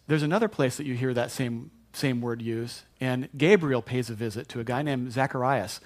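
A man's voice: medium pitch, moderate pace, hardly any pauses. Male pastor, sermon, chatty, joking, restarts words. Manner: conversational and joking, with frequent restarts.

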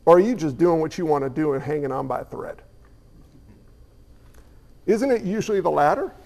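An emphatic male preacher with a fairly high voice keeps asking the room questions and telling stories. His words carry a long reverb, as if from a church hall. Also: lively intonation, normal speed, gravelly, darkish tone. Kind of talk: sermon.

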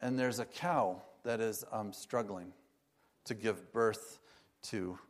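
A man's voice: fairly low pitch, slow pace. Storytelling male minister giving a sermon. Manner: storytelling, playful voices for quoted figures.

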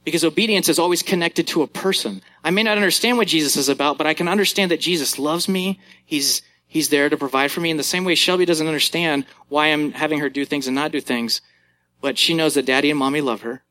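Male pastor, 30s, sermon voice, on the higher side, easygoing storytelling. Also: quick pace, bright, forceful tone. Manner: conversational preaching with anecdotes.

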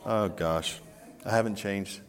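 A man's voice: fairly low pitch, takes it slowly, in a large hall. A male pastor preaching in a conversational, emphatic way and reading scripture aloud in a church. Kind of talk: sermon.

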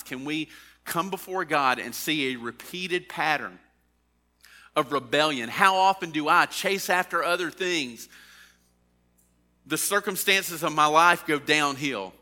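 Bright-voiced earnest male preacher. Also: lively intonation, measured pace. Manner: earnest preaching, voice swelling on emphasis then dropping low. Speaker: pastor. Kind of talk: sermon with scripture reading.

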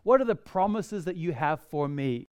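A man preaching a sermon as pastor, animated, acting out quoted pleas to God and parents. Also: on the high side, moderate pace, smooth.

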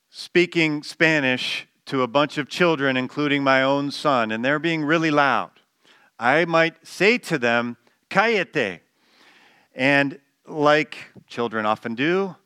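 A man's voice: a little high, sharp tone, smooth, no room sound, studio quality. A man preaching a sermon, explaining a text with emphatic stress on key words and some restarts. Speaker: pastor.

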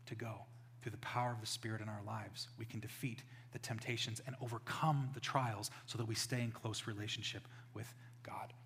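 A man preaching a sermon as pastor, telling stories with loud exclamations and quiet asides. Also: mid-range voice, gravelly. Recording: reverberant hall.

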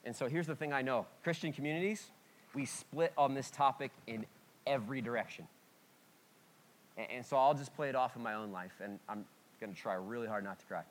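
A man preaching a conversational sermon as a pastor, candid and self-deprecating, with sudden swings between loud and quiet. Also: mid-range voice, fairly quick. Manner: lively, sudden swings in loudness.

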